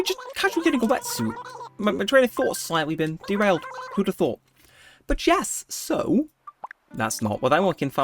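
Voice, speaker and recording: A man giving chatty, rambling gameplay commentary, easily excited. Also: high voice. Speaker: gaming video host.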